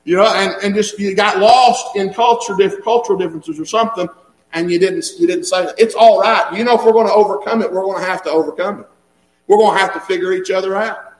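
A man delivers a sermon in an easy, conversational way. His voice sits fairly high, and he tends to chuckle and repeat himself as he talks. The sound is roomy, carrying the echo of a church sanctuary. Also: brisk. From Southern United States. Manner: folksy, chuckles while talking, repeats words. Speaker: preacher.

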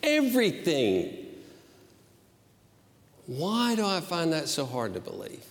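A man's voice: on the high side, very animated, a bit bright, long reverb tail. A man preaching a sermon as pastor, earnest and emphatic in his delivery. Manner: earnest, emphatic, slow and deliberate.

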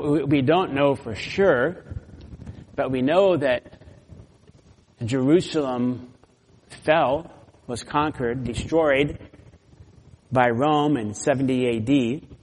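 A man preaching an expository sermon, explaining scripture verse by verse and pressing hard on key points. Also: mid-range voice. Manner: emphatic, rising loud on key points, repeats words. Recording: long hall reverb.

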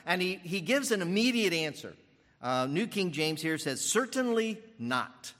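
A man's voice: sits high, very animated, unhurried, a bit bright, big-room sound. An older man preaching a sermon as pastor, thinking aloud with fillers and restarts.

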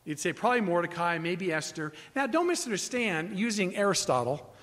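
High-voiced preaching man. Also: big pitch swings, brisk, fairly bright tone. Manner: emphatic, explanatory, with frequent restarts and fillers. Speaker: pastor. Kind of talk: sermon teaching.

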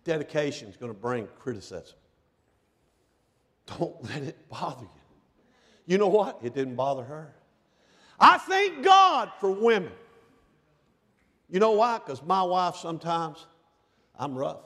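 Middle-aged male preacher, high pitch, shouted peaks and near-whispered lows, long church reverb. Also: big pitch swings, a little slow, long pauses. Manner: swings from shouting to hushed, near-whispered passages. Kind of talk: sermon. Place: church sanctuary.

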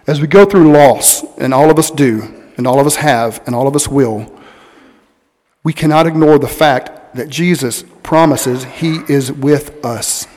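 A man preaching a sermon as pastor, earnest, stressing key words slowly and with weight. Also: mid-range voice, darkish tone. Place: church sanctuary. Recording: long hall reverb.

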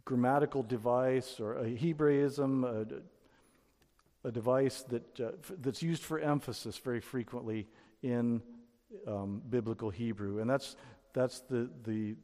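A man's voice: medium pitch, fairly even intonation, a little slow, warm tone. A man teaching a Bible lesson in sermon style, explaining step by step with frequent restarts. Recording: long reverb of a hall.

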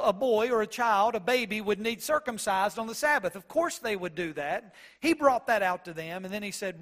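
High-voiced preacher, man. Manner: earnest, building to loud proclamation; reads scripture in old-fashioned wording. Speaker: pastor. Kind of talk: expository sermon.

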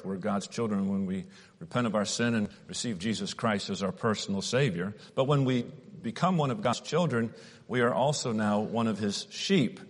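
A man preaching a sermon at an unhurried, deliberate pace, with some restarts. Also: lowish voice, long reverb tail.

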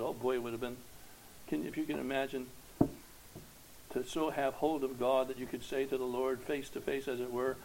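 A man preaching a sermon to his congregation, earnest and emphatic, dropping to hushed tones and swelling to loud declarations, posing rhetorical questions. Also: medium pitch, steady tone, a little fast, vocal fry, long pauses, poor audio. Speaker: pastor.

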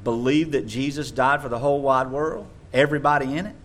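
A man preaching a sermon in an animated way, sometimes mocking others in a high voice. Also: normal speed.

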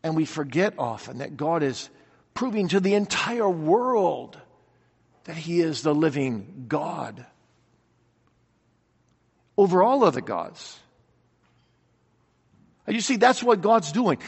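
High-voiced preacher in a reverberant hall. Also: male voice, big pitch swings, slow pace, vocal fry, long pauses, slightly rough. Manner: earnest, rhetorical questions, swings from loud to quiet. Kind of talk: sermon. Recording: long reverb of a large hall.

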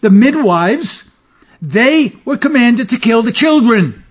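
A man preaching an expository sermon as pastor, stressing key phrases by slowing down. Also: very high voice, animated, dull audio.

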